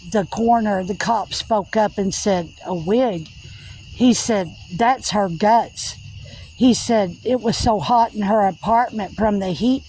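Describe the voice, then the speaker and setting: A woman's voice: medium pitch, a little mellow, poor audio. A woman vlogger recounting a personal spiritual testimony in an earnest, repetitive storytelling manner. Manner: earnest, repetitive retelling with many "I said" tags.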